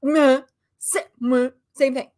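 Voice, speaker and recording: A woman co-hosting a casual chat, talking in an animated, ranting way and laughing often. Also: sits high, takes it slowly. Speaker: co-host.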